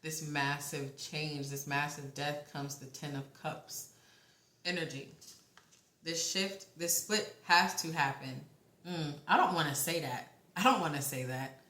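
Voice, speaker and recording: A young woman giving a casual tarot reading, talking in a halting, rambling way with the odd swear word. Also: deep voice, fairly bright tone, reverberant. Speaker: tarot reader.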